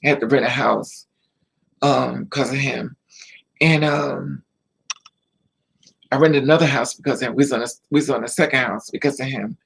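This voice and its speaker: A man recounts a personal story in a loose, casual way. His voice is gravelly and a bit husky, and he repeats phrases as he goes. He plays out both sides of each conversation himself. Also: medium pitch, fairly even intonation, moderate pace, long pauses, a bit bright, rough recording. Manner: repetitive, emotional retelling with quoted dialogue. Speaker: vlogger.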